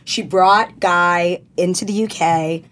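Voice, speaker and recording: A woman's voice: on the low side, steady tone, slow pace, a bit bright, slight background noise. A woman co-hosting a podcast in casual chat, bubbly and gushing with enthusiasm. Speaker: podcast co-host.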